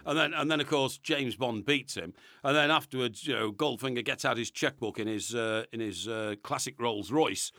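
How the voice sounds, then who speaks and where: A man hosting a casual chat, rambling and halting, full of restarts and impressions. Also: mid-range voice, pushed and bright, no room sound, studio quality.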